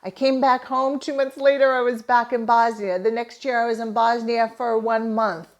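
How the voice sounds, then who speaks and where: A middle-aged Canadian holistic therapist and manifesting coach shares a personal story, earnest and emotionally enthusiastic. Her voice is fairly high with a steady tone, at normal speed.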